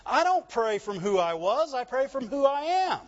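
High-voiced preacher guy, animated call-and-response, kinda dull lo-fi sound. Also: moderate pace. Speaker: pastor. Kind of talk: sermon.

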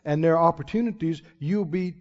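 A man preaching a sermon as pastor, folksy and emphatic, with sudden loud swells and drawn-out words. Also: a little high. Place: church sanctuary. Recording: muffled recording in a reverberant church hall.

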